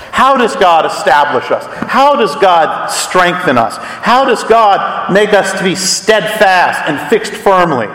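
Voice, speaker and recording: A man's voice: high voice, a bit bright. A man preaching a sermon as pastor, explaining scripture with rhetorical questions and reading verses aloud. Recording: echoey hall, voice from a distance.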